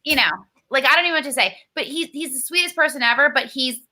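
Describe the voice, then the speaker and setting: A woman's voice: high-pitched, quick pace, bright, forceful tone. A woman in her thirties chatting casually on a video call, rambling and swearing, full of "like". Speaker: guest. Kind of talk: casual chat.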